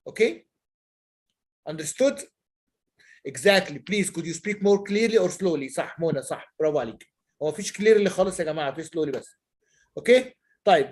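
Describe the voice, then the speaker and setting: Man, Egyptian accent, high voice, online English teacher, patient, repeats phrases. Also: a little mellow. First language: Egyptian Arabic. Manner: patient, repeats and drills example sentences. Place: online class over video call.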